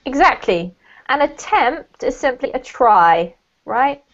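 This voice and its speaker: A woman's voice: sits high, very animated, slow pace. A woman teaching an online English class, patient and encouraging, laughing easily as she corrects pronunciation. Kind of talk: online group English lesson. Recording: lo-fi online call audio.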